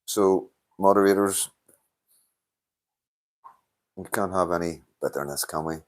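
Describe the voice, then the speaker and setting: A man's voice: sits low, measured pace. A Northern Irish man hosting a casual live stream, blunt and sweary, laughing often as he chats to viewers. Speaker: livestream host reading chat.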